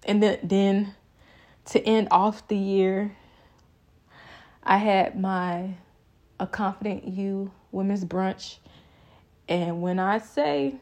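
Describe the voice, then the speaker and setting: Young adult woman, vlogger, faith talk to camera, emphatic and repetitive like a preacher, mid-pitched. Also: takes it slowly, long pauses, a little mellow. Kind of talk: faith reflection monologue.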